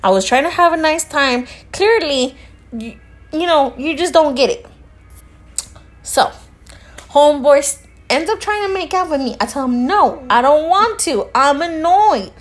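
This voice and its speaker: High-voiced and expressive, she speaks at normal speed but pauses often. She's a podcast co-host recounting a story in casual talk, acting out both speakers, cursing openly, and dropping Spanish phrases along the way.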